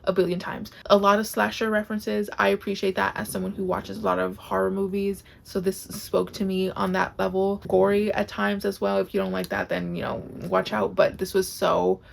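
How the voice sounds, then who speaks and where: Filming at home, a book vlogger gushes emotionally about books, almost in tears, leaning heavily on "like." She has a medium pitch with flat delivery and vocal fry, speaking at a moderate pace with few pauses over slight background noise.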